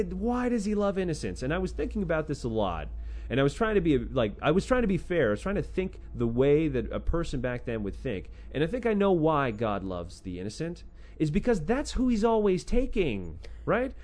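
Profane, animated man retelling old stories. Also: fairly high pitch, normal speed. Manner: profane, sarcastic, animated with acted-out quotes. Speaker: podcast host retelling a scripture book. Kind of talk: irreverent casual storytelling.

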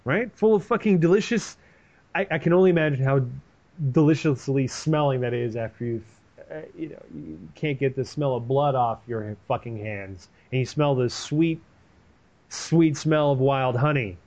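A man's voice: mid-range voice, normal speed, a little mellow, dull audio. A man retelling a story in a casual, comedic way, swearing and rambling with plenty of animation.

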